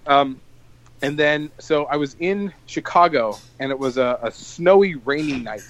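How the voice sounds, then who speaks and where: A man co-hosting a podcast, telling a long story in an animated, swearing casual chat. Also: a little high, moderate pace, lo-fi sound. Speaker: podcast co-host.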